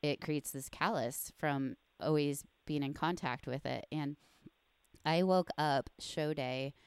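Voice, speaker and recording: A woman hosting a podcast and coaching competitors, relaxed and conversational, often laughing. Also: low voice, slow pace, clean tone, no echo. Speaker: podcast host, bodybuilding coach. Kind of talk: casual podcast chat.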